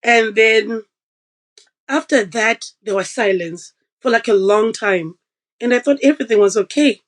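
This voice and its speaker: A woman guest on a podcast, telling a personal story in a casual, animated way and acting out the voices of the people she quotes. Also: fairly high pitch, measured pace, poor audio.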